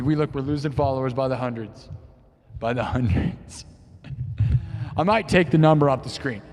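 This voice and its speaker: A man's voice: medium pitch, a little slow, long pauses, a little mellow. A man hosting a live music stream, rambling and joking in playful rants to his chat. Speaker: livestream host and improvising musician. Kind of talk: rambling comedic livestream chat. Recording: long reverb.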